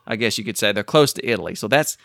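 A man co-hosting a casual podcast chat, rambling excitedly through a history tangent. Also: lowish voice, fast talker, gravelly, dry recording, clean studio sound. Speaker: podcast co-host.

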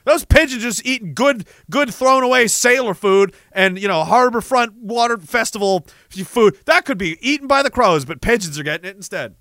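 A young man rambling comedically to a live audience in a profane, animated way, reading viewer messages and breaking into sudden shouts. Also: sits high, normal speed, hardly any pauses, no room sound, clean studio sound. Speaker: live streamer.

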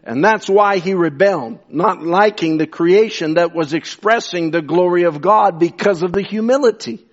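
A man preaching an impassioned sermon, swinging from fervent shouts to hushed asides and repeating phrases for emphasis. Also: high-pitched, normal speed, hardly any pauses. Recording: dull lo-fi sound.

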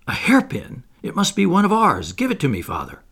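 A man voicing a commanding young lady, high. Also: wildly swooping pitch, moderate pace, creaky, fairly bright tone, heavily acted. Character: proud, sharp young aristocratic lady.

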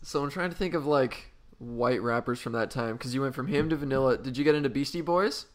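A man's voice: medium pitch, fairly quick. A man hosting a podcast in casual chat, easygoing and asking follow-up questions. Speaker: podcast host.

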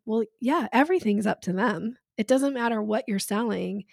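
A woman's voice: on the high side, moderate pace, gravelly, few pauses, a little mellow, no echo, clean studio sound. A woman sales coach talking casually on a podcast, frank and emphatic, with laughs between points.

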